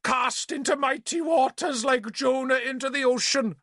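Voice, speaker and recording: A man voicing a self-pitying bishop who wails, pleads and snaps in a high, strained voice. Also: moderate pace, bright, forceful tone, dry recording, studio quality. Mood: hysterical. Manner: wailing, melodramatic, pleading. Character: shrill, hysterical, self-pitying old bishop.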